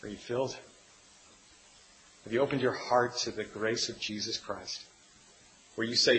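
A man's voice: mid-range voice, fairly even intonation, measured pace, long pauses, slight background noise, poor audio. Earnest man preaching a sermon. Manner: earnest, rises and falls from hushed to emphatic. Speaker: pastor.

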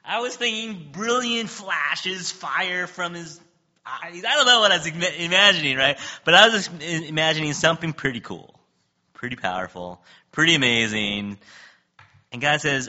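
A man delivers a conversational sermon with a very bright, edgy tone and a lively, swooping pitch. He jokes, laughs often and acts out scripture dialogue with big jumps in pitch. The recording sounds dull and lo-fi. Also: normal speed. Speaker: pastor.

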